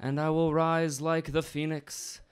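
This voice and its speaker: A man performing a comic slam poem on a stage, fairly high-voiced for a man. He is theatrical and swings between breathy whispers and loud shouting. A faint hiss sits under the recording. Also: level tone, a little slow. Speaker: slam poet.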